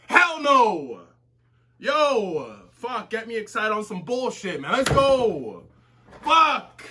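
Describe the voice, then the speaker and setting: High, bright-voiced excitable man reacting. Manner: excitable, profane slang, bursts into shouting. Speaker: webtoon reaction streamer. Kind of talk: live reading reaction.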